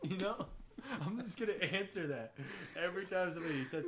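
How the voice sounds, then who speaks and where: A man's voice: high voice, fairly quick, a little hiss or hum. A man cohosting a casual podcast, riffing on goofy jokes and laughing often. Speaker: podcast co-host. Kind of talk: casual joking chat.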